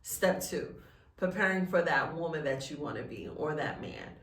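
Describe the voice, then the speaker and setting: A woman's voice: sits low, lively intonation, moderate pace, fairly bright tone, distant mic. A woman speaking in an earnest, heartfelt vlog, her voice near to breaking with tears as she talks about faith. She sits a little way from the microphone, and her voice rings in a roomy, echoing space. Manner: tearful, earnest and faith-filled. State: close to tears. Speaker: vlogger. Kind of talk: emotional personal vlog.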